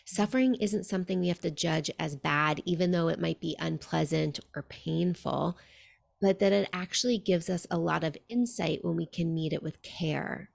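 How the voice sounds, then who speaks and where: A woman hosting a podcast talks in a gentle, reflective way and scatters "like" through her sentences. Her voice sits a little low and has a gravelly fry. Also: moderate pace. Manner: reflective, gentle, many "like" fillers. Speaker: podcast host. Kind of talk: conversational interview.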